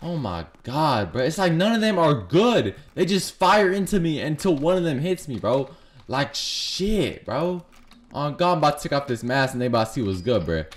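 A young man giving loud, profane, rapid-fire commentary over Roblox gameplay, trash-talking other players. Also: on the high side, very animated. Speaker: gaming YouTuber. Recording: noisy gameplay with gunfire behind.

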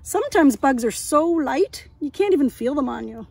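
A woman leading an outdoor lesson for young children, talking gently in a sing-song way, as if to friends. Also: sits high, animated, moderate pace, gravelly, no echo. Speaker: early years educator. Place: outdoors in a yard and woods.

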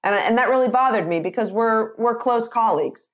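A woman in her fifties talks with bright energy on a podcast, acting out sample phrases with lively swings in her voice. Her audio sounds somewhat muffled and lo-fi, like a remote call. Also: a little high, brisk. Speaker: guest, communication author and sales trainer. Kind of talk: conversational podcast interview.

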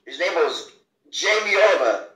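A man's voice: a little high, very animated, moderate pace, pushed and bright. A man trading teasing jokes on a home cooking show, often stumbling and restarting. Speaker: co-host of an online cooking show. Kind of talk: joking banter. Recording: roomy, distant, noisy.

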